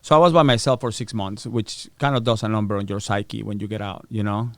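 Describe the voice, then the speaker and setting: A man's voice: fairly low pitch, fairly even intonation, brisk, dry recording. A middle-aged man, a podcast guest, telling stories with profanity and acting out the voices of the people in them. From United States. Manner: profane, acts out quoted voices. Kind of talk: animated storytelling interview.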